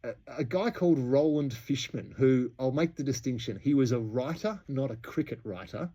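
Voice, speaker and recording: Australian guy telling a story on a podcast, mellow and relaxed, mid pitch, chuckles a lot. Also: moderate pace, breathy edge. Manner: chatty, laughs between points. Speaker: podcast host. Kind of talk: casual history podcast storytelling.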